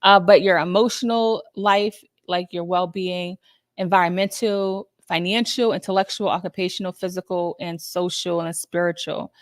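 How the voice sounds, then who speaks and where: A woman's voice: fairly low pitch, steady tone, normal speed, dry recording, clean studio sound. A woman therapist giving a casual, upbeat self-help talk that is full of asides and acted-out quotes of people's thoughts.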